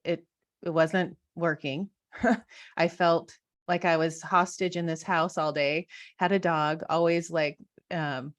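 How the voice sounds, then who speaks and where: A woman in her thirties from Washington state hosts a casual, conversational interview with a low voice, flat delivery and slow pace. She chats personally, using lots of fillers and restarts.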